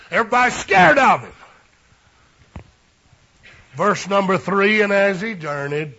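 A man preaching a sermon with passion, often rising to shouts. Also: sits high. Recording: dull lo-fi recording.

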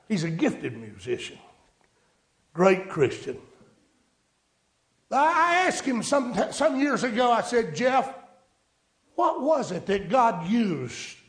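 High-voiced country preacher in an echoey room. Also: male voice. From rural United States. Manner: storytelling preacher, rising to emphatic pleas. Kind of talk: sermon.

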